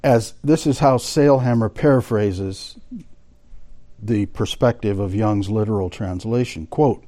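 Mellow-voiced man teaching a Bible class. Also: lowish voice, unhurried. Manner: explanatory, quoting sources aloud, addressing the class directly. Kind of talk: Bible study lecture with read quotations.

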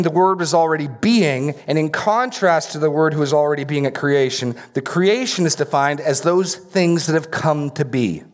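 A man preaching a verse-by-verse sermon as pastor, repeating key phrases for emphasis. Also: mid-range voice. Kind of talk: expository sermon.

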